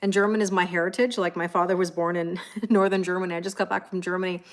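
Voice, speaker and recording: A woman's voice: fairly low pitch, level tone, fast talker. Chatty woman on a live stream. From Canada. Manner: chatty, laughs often, reads viewer comments aloud. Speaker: tarot reader. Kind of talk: casual live-stream chat.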